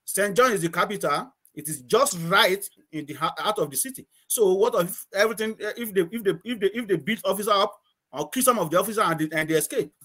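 A man's voice: sits high, fast, bright, forceful tone, slightly rough. A middle-aged man from Nigeria, a guest chatting casually in an interview, rambling, repeating words and laughing often.

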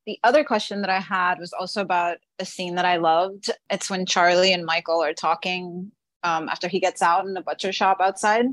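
Woman, podcast co-host, earnest questions, low-pitched, dry recording. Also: steady tone, brisk, fairly bright tone, no echo. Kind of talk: interview question.

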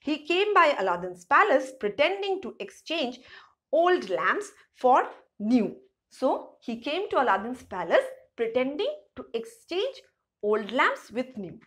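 Here a woman teacher with a high-pitched, sing-song, somewhat bright voice goes a little slowly through a storybook lesson. She reads each sentence of the children's story, rephrases it in easier words, and throws rhetorical questions to the class.

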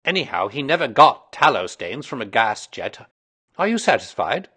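Male reader doing a sharp-minded Victorian sleuth, emphatic and lively. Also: medium pitch, normal speed, breathy edge, full character voice. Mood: lecturing. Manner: precise, lecturing, emphatic. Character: brilliant, self-assured Victorian male detective.

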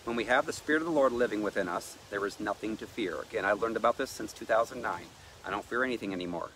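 A man's voice: on the low side, fast talker, fairly bright tone, a little hiss or hum. A man preaching in an emphatic sermon style, reading scripture aloud and exhorting listeners.

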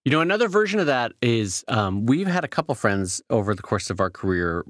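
A man's voice: mid-range voice, sing-song, a bit bright, no room sound. Podcast co-host guy, chatty and playful, voice bouncing up and down a lot, dead dry sound. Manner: chatty, playful asides, quick to laugh along. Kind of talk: casual chat.

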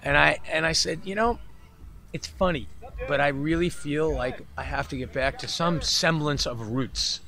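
Lively New man telling stories. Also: on the high side, moderate pace, gravelly. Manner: animated storyteller who acts out other people's voices. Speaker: musician guest. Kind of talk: casual storytelling interview. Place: festival interview setting.

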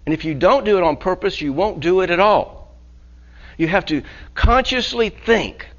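Male pastor, high voice, lively sermon with stumbling repeats, dull lo-fi church recording. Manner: animated, repeats words, chuckles often.

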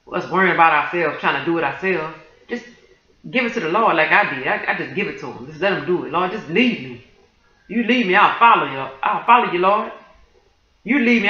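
Fervent praying woman, bright and roomy. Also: on the low side. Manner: emotional, repetitive praise, addresses listeners as y'all. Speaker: minister. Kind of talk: fervent prayer and preaching. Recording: roomy, dull lo-fi sound.

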